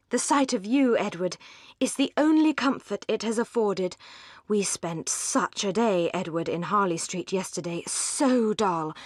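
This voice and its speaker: A woman's voice: mid-range voice, dry recording, clean studio sound. A woman voicing an ardent, impulsive young woman who speaks in emphatic, gushing outbursts in an audiobook.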